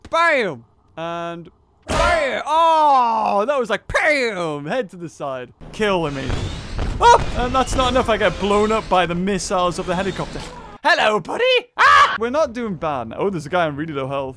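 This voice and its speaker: Excitable man commentating his own gameplay, high voice that leaps all over, unhurried between outbursts, game music underneath. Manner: yelps, shouts and laughs at the game. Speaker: gaming video creator. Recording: game music playing behind the voice.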